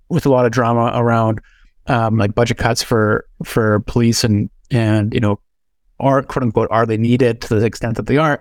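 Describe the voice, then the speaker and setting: A man's voice: mid-range voice, dry recording, studio quality. A man hosting a podcast, chatting casually in a rambling way full of fillers and restarts. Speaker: podcast host. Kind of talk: casual interview chat.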